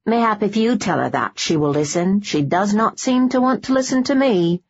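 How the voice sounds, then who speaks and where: Woman doing a dry sarcastic maid, husky and a bit dull sounding. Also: medium pitch, expressive, moderate pace. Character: dry-witted woman servant, protective.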